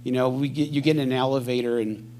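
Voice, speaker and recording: A man's voice: medium pitch, steady tone, fast talker, darkish tone, a little hiss or hum. A middle-aged man preaching a sermon as a pastor, talking conversationally and acting out everyday people. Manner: conversational, acts out everyday voices.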